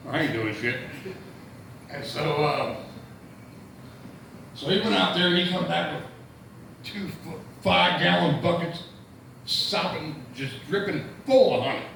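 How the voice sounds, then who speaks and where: A man's voice: a little high, unhurried, vocal fry, pauses often, fairly bright tone, distant mic. A man from Indianapolis telling a profane, rambling stand-up story, stammering through restarts. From Indianapolis, USA. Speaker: stand-up comedian. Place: comedy club stage. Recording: echoey room mic heard from afar with noise.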